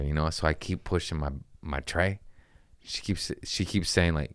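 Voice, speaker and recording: Deep-voiced man telling loose, profane stories. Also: moderate pace, clean tone, no echo, studio quality. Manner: loose, profane, laughing at his own stories. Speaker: comedian hosting a podcast. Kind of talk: casual storytelling chat.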